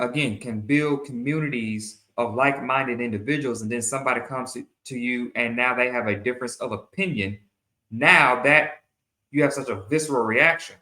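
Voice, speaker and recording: A man's voice: medium pitch, sharp tone, echoey room. A man hosting his own show, giving earnest opinion commentary in a monologue and often repeating and restarting his phrases. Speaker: show host.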